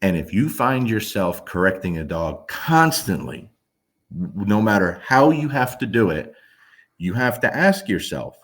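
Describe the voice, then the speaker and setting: A man's voice: fairly low pitch, very animated, measured pace, a bit bright. A man, a dog trainer, talking casually to camera, emphatic and blunt, often asking the listener whether they understand. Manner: emphatic, keeps checking in with the listener.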